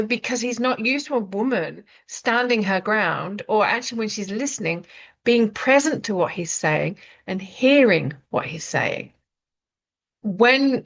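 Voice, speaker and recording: A woman's voice: lowish voice, a bit bright. British woman talking in dull lo-fi sound. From Britain. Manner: rambling, with many fillers and restarts. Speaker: author and writing coach. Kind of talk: casual spoken talk.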